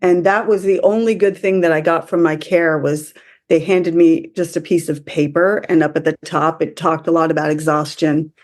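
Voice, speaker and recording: A woman from the US speaking as a podcast guest, emotional and halting, often restarting her sentences. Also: deep voice, steady tone, a little mellow. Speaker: interview guest. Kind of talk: conversational interview.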